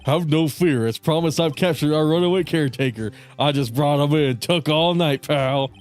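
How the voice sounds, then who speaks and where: A man's voice: a little high, moderate pace, a little mellow, close to an everyday voice. A man reading a folksy eager detective. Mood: proud. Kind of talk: reading game dialogue aloud.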